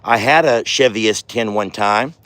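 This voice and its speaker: Folksy low-voiced farm vlogger man. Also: moderate pace, a bit bright, dry recording. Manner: folksy, chatty, affectionate toward animals. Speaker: ranch owner and vlogger. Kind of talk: casual vlog narration. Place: outdoors on a farm.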